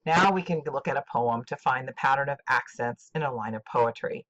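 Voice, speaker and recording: An older woman teaching a scripted literature lesson, speaking slowly and deliberately with clear enunciation. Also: extremely low pitch, a bit bright. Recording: dull lo-fi recording.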